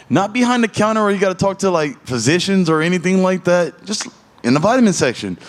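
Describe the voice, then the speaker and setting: A man in his thirties, an MMA fighter answering interview questions in a loose, rambling way, swearing freely as he tells stories. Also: high voice. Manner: profane, rambling storyteller.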